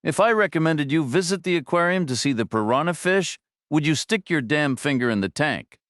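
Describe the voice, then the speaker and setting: Guy doing a furious finance boss yelling high and winded, storybook thriller. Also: expressive, fairly quick, no room sound, studio quality. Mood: contemptuous. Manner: screaming, shouting insults. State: out of breath. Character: furious panicking male finance director.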